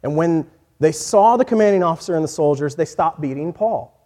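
A man preaching a sermon in an earnest voice that moves from quiet, reflective passages to emphatic points. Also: a little high, animated, a little fast. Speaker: pastor.

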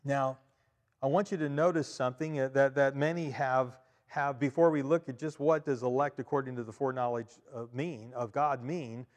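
A man preaching a sermon as pastor, emphatic, repeating key phrases and swinging between loud and quiet. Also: medium pitch, fairly even intonation, moderate pace. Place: church. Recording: long reverb of a church hall.

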